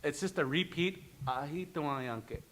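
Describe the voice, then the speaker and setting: A man with a Dakota community English accent teaches a language and culture class, explaining words one by one and acting out little quotes. His voice is a little high with lively intonation at normal speed, and there's slight background noise.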